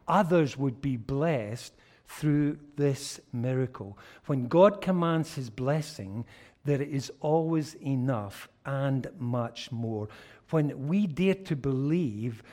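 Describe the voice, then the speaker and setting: A man preaching a sermon as pastor, telling stories with emphasis and letting phrase ends fall quiet. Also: mid-range voice.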